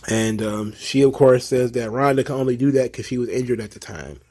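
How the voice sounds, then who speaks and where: A man's voice: mid-range voice, brisk. A man giving a casual, opinionated recap of a wrestling show as the channel's host. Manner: chatty, opinionated, slips into animated impressions of fans.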